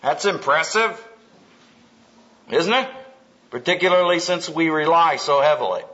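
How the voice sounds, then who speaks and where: A man preaches to a live audience in a punchy, humorous way and acts out little scenes. His voice is bright and forceful, set a bit high. The old recording is muffled, with a faint hiss. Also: animated, unhurried. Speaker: speaker at a Christian conference. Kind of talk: sermon. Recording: dull lo-fi tape with faint hiss.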